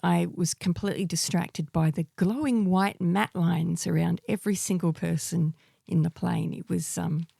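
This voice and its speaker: A woman's voice: lowish voice, fairly even intonation, moderate pace, creaky, mellow, slightly rough, no room sound. A woman co-hosting a podcast, asking the questions and giving dry, blunt opinions on a bad movie in casual chat. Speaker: podcast co-host.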